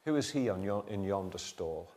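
An older man preaching a sermon, moving between quiet asides and loud, dramatic retellings. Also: low voice, lively intonation, moderate pace.

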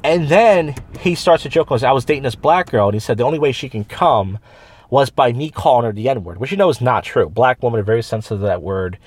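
A man's voice: medium pitch, expressive, quick pace. A man who hosts a podcast and does open mic comedy, telling long stories in casual chat full of restarts and quoted voices. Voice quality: rambling storyteller with many restarts and quoted voices. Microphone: studio microphone.

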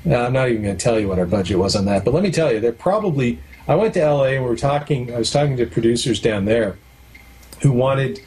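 This documentary producer and director, a middle-aged man from Canada, has a medium-pitched, somewhat dark voice. Speaking openly in a casual interview, he illustrates his points with anecdotes and homely comparisons.

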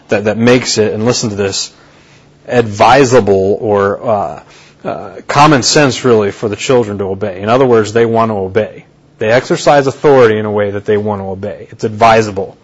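A man's voice: fairly low pitch, slightly rough. A male pastor preaching a sermon in a conversational way, repeating key phrases for emphasis. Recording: dull lo-fi sermon recording.

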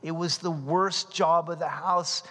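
High-voiced preacher in an echoing hall. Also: male voice, a little slow. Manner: animated, acts out voices and shouts for emphasis. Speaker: pastor. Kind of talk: expository sermon. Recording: long reverb of a large hall.

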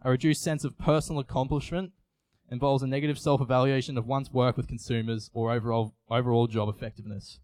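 A man's voice: mid-range voice, flat delivery, fast, hardly any pauses, darkish tone, dry recording. A young man, giving an earnest, confessional sermon with frequent restarts. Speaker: youth preacher. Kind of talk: personal sermon.

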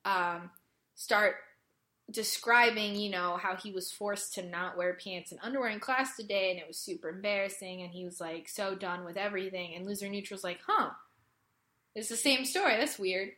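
A woman's voice: mid-range voice, steady tone, normal speed, bright, forceful tone. A woman retelling a show's episode in casual chat, exasperated and full of fillers. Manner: exasperated, filler-heavy storytelling. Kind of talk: casual chat recapping a show.

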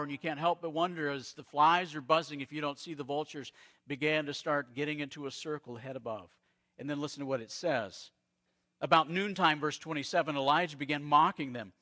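Bright slightly high voiced pastor guy from arizona, storytelling sermon, drops quiet then booms. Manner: storytelling preacher, dramatic pauses and swings in loudness.

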